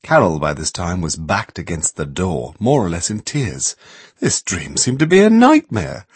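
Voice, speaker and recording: Guy reading a storybook aloud, husky voice, really animated, dry close sound. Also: low voice, normal speed, dry recording. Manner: expressive storyteller doing many voices. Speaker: narrator. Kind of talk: audiobook narration.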